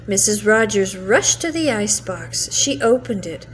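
Older woman gently reading a bedtime story. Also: mid-range voice, expressive, faint music behind. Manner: slow, gentle, soothing reading. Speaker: grandmother reading aloud.

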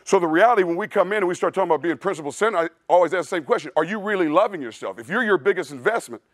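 A male strength coach with a high, animated voice races through a blunt, preachy clinic presentation. His manner is casual and he calls the audience "dude" a lot, captured in a dry recording with clean studio sound.

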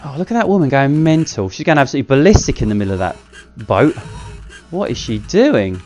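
Male host, casual let's-play commentary, self-deprecating, mid-pitched, faint game music behind. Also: racing. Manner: chatty, self-mocking, excitable outbursts. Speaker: gaming channel host.

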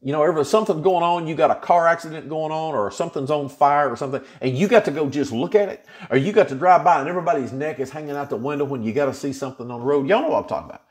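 A man's voice: a little high, very fast, few pauses. A male pastor teaching an informal Bible study, retelling scripture in a folksy, plain-spoken way.

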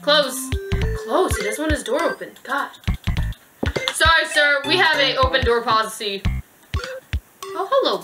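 Giggly high-voiced woman playing a game. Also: rough recording. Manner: giggly, playful, talks to game characters. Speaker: gaming video host. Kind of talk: casual let's-play commentary. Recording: music playing behind the voice. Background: game music.

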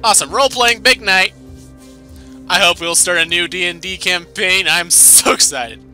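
A man voicing an excited young male friend in a game, loud and eager. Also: sits high, normal speed, faint music behind.

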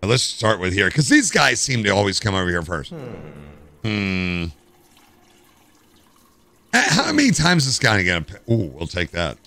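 A man's voice: lowish voice, moderate pace, long pauses. A man with an American accent streaming a game live, cracking jokes and complaining to his chat. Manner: animated, jokey, complains to chat. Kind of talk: live gameplay commentary.

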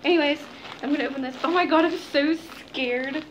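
Young woman vlogging, high voice, giggly and gushy, faint background hiss. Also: moderate pace. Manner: gushing, giggly, talks to viewers as "guys". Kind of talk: casual unboxing vlog.

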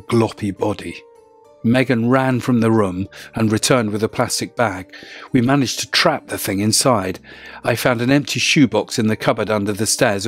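A man narrating a first-person horror story in a measured, low-key way.

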